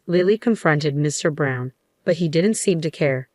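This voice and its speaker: A woman narrating a story in an even, unhurried scripted delivery. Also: low-pitched, no echo.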